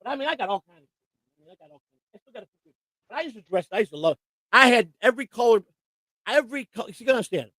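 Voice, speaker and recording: A man's voice: extremely high pitch, expressive, rapid-fire, long pauses, fairly bright tone, no room sound. A man co-hosting a live stream, telling rambling, profane stories and restarting his sentences often. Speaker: co-host and storyteller. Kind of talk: casual chat, rambling anecdotes. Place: home live-stream setup.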